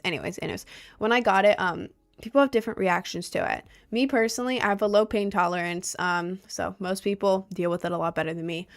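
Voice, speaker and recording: A young woman from the United States who streams live, chatting casually and reading out viewer comments. She rambles through stories with lots of fillers and sudden lively outbursts. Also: medium pitch. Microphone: desk mic, sometimes leaning close.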